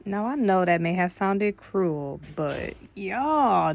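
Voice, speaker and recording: A woman's voice: lowish voice, unhurried, gravelly, few pauses. A woman with a Detroit accent, chatting playfully and directly to her viewers in a casual mom vlog. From Detroit, USA. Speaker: mom vlogger.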